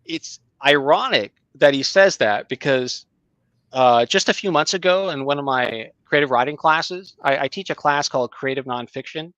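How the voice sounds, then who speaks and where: A middle-aged man, a writing teacher, telling a story in casual conversation, halting with many fillers and restarts. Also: medium pitch, fairly bright tone, no room sound, highs cut off. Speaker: guest, creative writing teacher.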